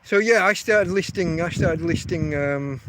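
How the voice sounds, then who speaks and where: A man's voice: fairly high pitch, a little slow, a bit bright, slight background noise. A man, chatting casually and rambling on a livestream from outdoors. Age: 50s. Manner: rambling, chatty, often restarts his sentences. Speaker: livestream host.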